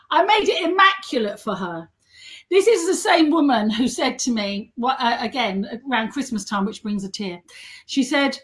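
A middle-aged woman telling self-mocking anecdotes in a casual chat, chatty and quick to laugh. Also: fairly high pitch, big pitch swings. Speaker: guest and model.

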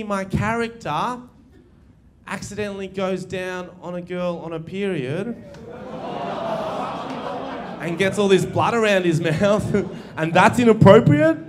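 A man's voice: high voice, takes it slowly. Brash man doing crude stand-up. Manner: brash, crude, laughs at his own jokes. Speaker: stand-up comedian. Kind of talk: stand-up comedy set. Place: comedy venue before a live audience. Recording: live stage recording with audience noise.

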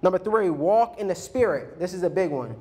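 A man preaching a sermon in an energetic, conversational way, often saying "man" to the congregation. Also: high voice, a little fast.

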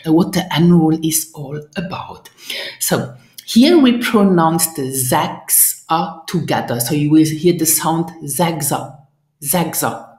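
Woman, language teacher, slow, lowish voice, roomy echo. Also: darkish tone. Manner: patient, coaching, models pronunciation and invites repetition. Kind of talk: online language lesson.

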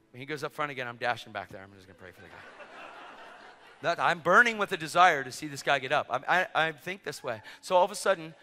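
A middle-aged man preaching, telling a story with acted-out dialogue and bursts of shouting. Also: on the high side. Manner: excitable, acts out dialogue, rising to shouts. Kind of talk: sermon storytelling. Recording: long reverb of a large hall.

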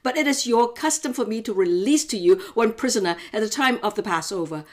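A woman's voice: a little high, animated, a little fast, voice pushed up, close to an everyday voice. A woman voicing an uneasy Roman governor in a Bible reading, with pointed, raised questions. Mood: questioning.

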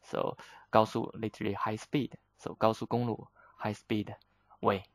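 Man, low gravelly voice, very slow patient explaining, dry close sound. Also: flat delivery, no room sound, poor audio. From China. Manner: unhurried, patient, slips between English and Chinese with frequent fillers. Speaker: Chinese teacher. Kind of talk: explaining vocabulary in a lesson.

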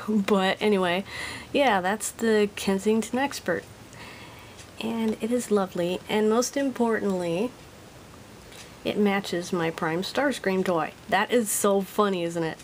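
A woman's voice: medium pitch, poor audio. Woman, casual product review, home desk, chatty, giggly, self-deprecating, faint background noise.

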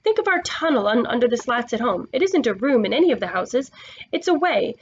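A woman voicing an eager young schoolboy who is full of ideas and talks excitedly. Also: on the high side, a little fast, highs cut off, a little hiss or hum.

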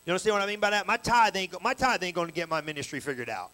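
A man preaching a sermon at a church service in a colloquial, storytelling way, full of slang, with energetic bursts that rise to loud peaks. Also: high-pitched, rapid-fire, low-quality recording.

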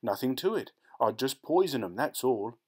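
A man's voice: mid-range voice, sing-song, normal speed, darkish tone, breathy edge. A man voicing a blunt, skeptical filling-station worker who quizzes and doubts a visitor in a storybook reading.

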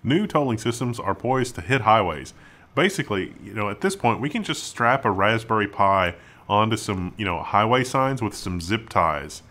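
Low-voiced man reading tech headlines. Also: big pitch swings, normal speed, pushed and bright. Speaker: news show co-host. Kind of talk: reading headlines, then commenting.

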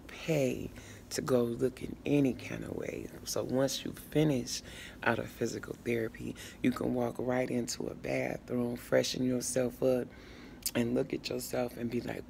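A woman's voice: a bass voice, level tone, unhurried, gravelly, a little mellow, slight background noise. A woman in her fifties casually chatting to her followers with folksy asides, while waiting for her ride after physical therapy. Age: 50s. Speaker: vlogger. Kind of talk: casual chit-chat to camera.

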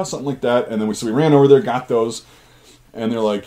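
A man's voice: mid-range voice, fairly quick, darkish tone. A man hosting his channel, casually telling army stories in a rambling, profane way. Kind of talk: casual storytelling.

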